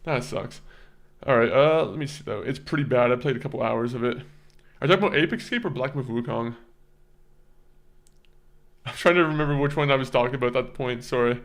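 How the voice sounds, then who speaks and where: A man's voice: medium pitch, fairly quick, pauses often. A young man chatting casually with viewers on a live stream, rambling and often stammering and repeating words.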